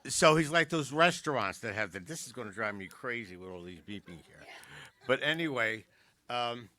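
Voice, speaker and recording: Bright-voiced Philly stand-up comic. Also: male voice, medium pitch, expressive, moderate pace. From South Philadelphia. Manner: joke-telling with wisecracks and asides. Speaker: stand-up comedian. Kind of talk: stand-up comedy set. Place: community arts center.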